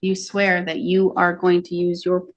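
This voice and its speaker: A woman's voice: fairly low pitch, completely flat delivery, a little slow, muffled recording. A woman judge presiding over a courtroom hearing, speaking firmly and formally as she administers oaths.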